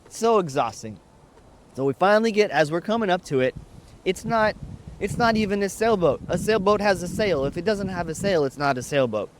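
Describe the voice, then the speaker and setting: A man from Texas tells a story in a laid-back, casual way, dropping in wry, profane jokes. His voice sits a little higher than most men's. Faint music plays quietly in the background. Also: animated, moderate pace.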